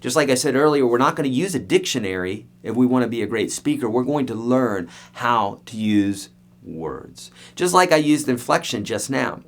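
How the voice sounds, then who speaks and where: Male guitar teacher, live online lesson, energetic and emphatic, mid-pitched, talks right at viewers. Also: moderate pace. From United States.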